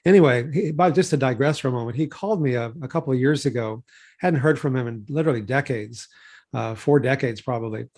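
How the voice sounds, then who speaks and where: A man's voice: medium pitch, fast talker. Easygoing Texan man in his sixties. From Texas. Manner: relaxed, digressive, many fillers and restarts. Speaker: physician and researcher. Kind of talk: conversational interview storytelling.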